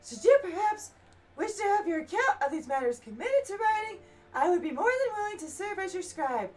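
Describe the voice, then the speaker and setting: A woman doing a fawning young male scribe from a fantasy game, voice pitched way up with a hammy Southern drawl, all courtly phrasing and eagerness to please. The sound sits a bit back from the mic, faint music underneath. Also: very animated, a little fast, recorded from a distance. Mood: eager. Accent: put-on Southern US. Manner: over-polite, eager to please.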